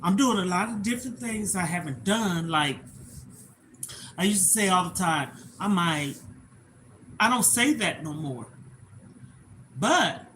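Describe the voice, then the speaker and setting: A woman's voice: lowish voice, lively intonation, a little slow, long pauses, fairly bright tone, a little hiss or hum, poor audio. A middle-aged woman hosting a personal livestream, talking in an emotional, repetitive, plainspoken rant. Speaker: livestream host.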